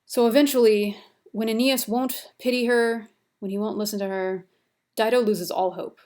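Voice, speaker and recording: A woman's voice: fairly high pitch, steady tone, moderate pace, darkish tone. A young woman lecturing on a classical epic in a casual, chatty way, paraphrasing with many fillers and restarts. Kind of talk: recorded university lecture.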